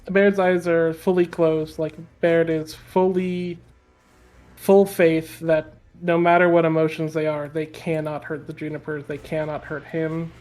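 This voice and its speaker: A man playing a tabletop game, talking through his character's actions with small hesitations. His voice sits a bit high for a man and stays fairly flat, with faint music underneath. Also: unhurried. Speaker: player.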